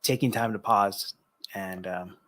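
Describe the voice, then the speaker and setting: Soft-spoken hesitant man, lowish voice. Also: unhurried, no room sound. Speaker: guest. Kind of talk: reflective conversation.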